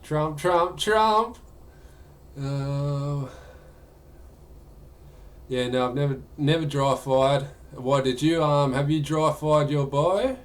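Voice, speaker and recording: A man's voice: on the high side, steady tone, measured pace, hardly any pauses. A man chatting casually during a live gaming stream, answering viewer questions in a rambling way.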